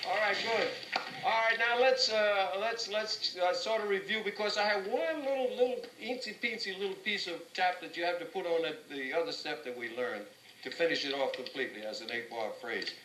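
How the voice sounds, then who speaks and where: A man leads a tap class, counting beats and scatting the rhythms aloud, with a voice pitched a little above the usual. He is picked up from across the room, so his voice sounds roomy and distant, with clear noise around it. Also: brisk, bright, forceful tone. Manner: counts and scats rhythms aloud, repeats words. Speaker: tap dance teacher. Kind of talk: teaching a class. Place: dance studio. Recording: roomy, distant, noisy dance studio.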